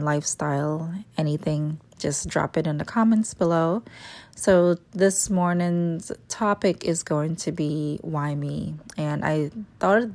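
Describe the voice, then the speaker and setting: Low, gravelly Jamaican woman vlogging. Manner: relaxed, chatty, explaining routine step by step. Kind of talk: casual vlog narration. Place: home kitchen.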